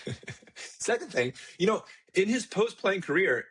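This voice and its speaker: A man's voice: high voice, big pitch swings, unhurried, a bit bright, slightly rough. A man co-hosting a basketball podcast with dry, joking banter. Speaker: podcast co-host. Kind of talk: casual chat.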